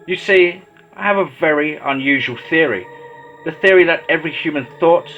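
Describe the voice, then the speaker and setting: A man voicing a sinister, controlling male mad doctor in a horror story, speaking in slow, measured, menacing tones. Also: fairly high pitch, highs cut off, faint music behind, pitched above the performer's own voice, close to an everyday voice. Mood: lecturing.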